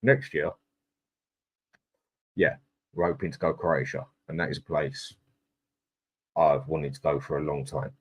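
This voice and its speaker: Deep-voiced man, live-stream host, matey and chatty, greets viewers by name. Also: fairly even intonation, a little slow, pauses often, slightly rough. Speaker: livestream host. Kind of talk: casual live chat, reading out viewer comments.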